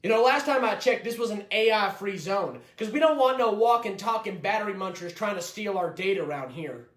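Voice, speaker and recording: Man doing a loud ranting robot-hating guy. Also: high-pitched, animated, brisk. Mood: contemptuous. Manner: loud, insulting, escalating rant. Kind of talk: comedy skit. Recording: echoey room with music behind.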